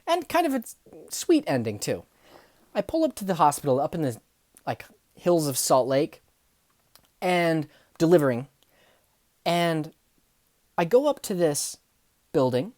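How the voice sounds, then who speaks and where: A young woman telling funny workplace stories, acting out the people in them and swinging from hushed asides to loud outbursts. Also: deep voice, a little slow, long pauses, no room sound, studio quality. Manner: animated, acts out dialogue, swings from hushed to yelling. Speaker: storyteller. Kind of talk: comedic storytelling vlog.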